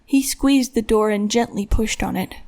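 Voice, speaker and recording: A woman narrating an audiobook in a steady, measured way. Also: on the high side. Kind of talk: scripted narration.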